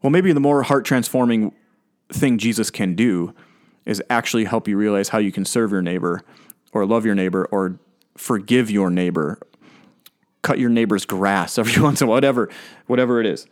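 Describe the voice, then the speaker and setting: A man's voice: fairly low pitch, fairly quick. A man preaching a sermon in a conversational, earnest way, with light laughter as he talks. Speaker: pastor.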